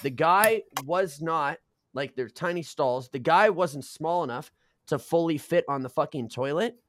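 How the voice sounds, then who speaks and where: A man's voice: a little high, unhurried, fairly bright tone, no echo, studio quality. A young adult man casually telling college stories as a podcast co-host, swearing constantly and peppering his talk with slang. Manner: profane, slangy, says dude and bro constantly. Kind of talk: casual storytelling.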